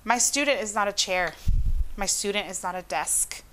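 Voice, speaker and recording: A woman's voice: mid-range voice, moderate pace, fairly bright tone, a little hiss or hum. A woman from Honduras, a psychologist guest speaking expressively in an interview with emphatic, varied intonation. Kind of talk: interview conversation.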